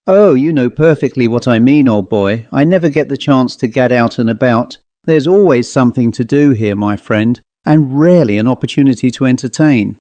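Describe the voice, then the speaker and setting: A man doing a jovial Victorian squire with a bluff upper-class manner, low and mellow. The voice is dry and close, as in a read ghost story. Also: normal speed, few pauses, no room sound, close to an everyday voice. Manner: bluff upper-class, calls friends old bean. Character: jovial hearty Victorian country gentleman.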